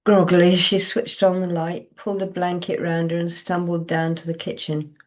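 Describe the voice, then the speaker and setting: A woman author reading her own novel aloud in a measured, low-key way. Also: flat delivery, darkish tone.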